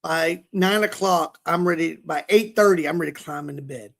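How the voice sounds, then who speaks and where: His voice is fairly high, gravelly and a bit bright, moving at a moderate pace, as this young co-host chats casually on a podcast. He speaks candidly, rambling and self-deprecating, via a webcam set high at home.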